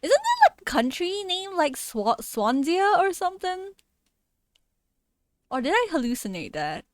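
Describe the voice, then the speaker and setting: A woman streaming a horror game who reacts out loud, swears freely and reads the on-screen dialogue aloud. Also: extremely high pitch, wildly swooping pitch, unhurried, no room sound, faint music behind. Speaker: VTuber streamer. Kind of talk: horror game let's play commentary.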